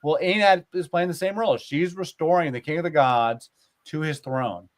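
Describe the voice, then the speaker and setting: A man retelling old myths in a casual, animated way, with lots of filler words, as a podcast host. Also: on the high side, normal speed. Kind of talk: casual storytelling chat.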